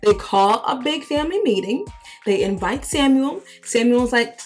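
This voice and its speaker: Young woman, host, casual bible storytelling, lively and slangy, fairly high voice, faint music behind. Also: moderate pace. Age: young adult.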